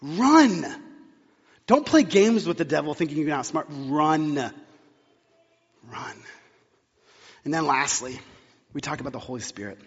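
A pastor preaching a sermon, talking conversationally and hammering points home with repetition. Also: male voice, a little high, animated, normal speed, long pauses, husky. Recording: long hall reverb, dull sound.

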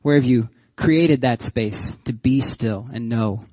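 A man pastor giving a sermon, telling stories with lively energy and frequent laughter, then closing in prayer. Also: mid-range voice, takes it slowly, no echo, muffled recording. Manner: animated storytelling, laughs often.

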